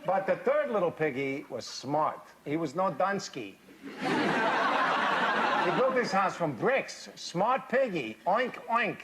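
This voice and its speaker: A man giving a comic fairy-tale reading to a live audience, deadpan, with odd pauses and dry asides. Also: high voice, very noisy. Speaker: storyteller. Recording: live stage reading, loud audience laughter.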